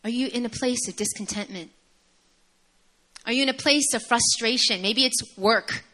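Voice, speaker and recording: A young woman preaching a sermon in a conversational, animated storytelling manner. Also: on the high side, normal speed.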